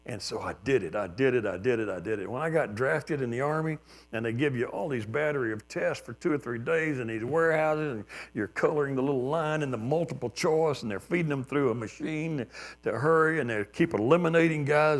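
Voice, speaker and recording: An older man preaching a sermon, telling folksy personal stories and acting out quotes, at times much louder. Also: mid-range voice, brisk. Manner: folksy storytelling, acts out quotes with shifts in loudness. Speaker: pastor. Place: church sanctuary.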